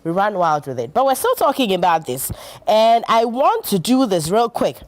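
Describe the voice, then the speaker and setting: Ghanaian female TV host, playful, animated pitch, studio talk show read. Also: normal speed. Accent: Ghanaian English. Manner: playful, acts out quotes with laughter.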